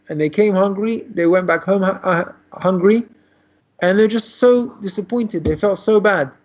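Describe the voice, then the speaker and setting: A man, a rabbi, teaching a lesson by telling a story in a loose, run-on way over a video call. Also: high-pitched. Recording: dull lo-fi video call audio.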